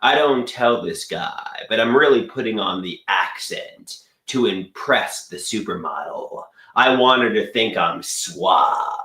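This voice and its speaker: A man's voice: fairly low pitch, lively intonation, unhurried, few pauses, pushed and bright, echoey room. A man rambling through an absurd comedic story, repeating himself in a mock-serious way.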